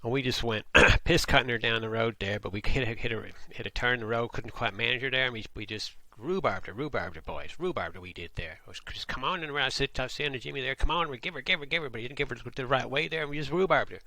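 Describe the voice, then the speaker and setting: A man voices a rowdy country lad telling a tall tale of a wild drive, boisterous and folksy, lifting his low voice and getting loud. The telling rolls along in a plain, homespun way. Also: lively intonation, fast talker, hardly any pauses, no echo. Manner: boisterous folksy yarn-spinning.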